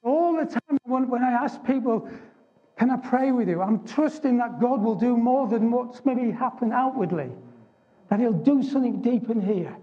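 An Englishman giving an animated, emphatic testimony sermon to a men's gathering. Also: very high-pitched, normal speed. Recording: dull lo-fi recording.

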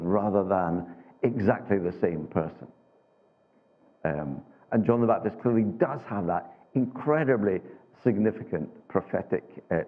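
A man preaching a sermon in a conversational way, full of restarts and rhetorical questions. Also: on the low side. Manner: conversational, halting with many restarts and rhetorical tags. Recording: tinny phone-like sound.

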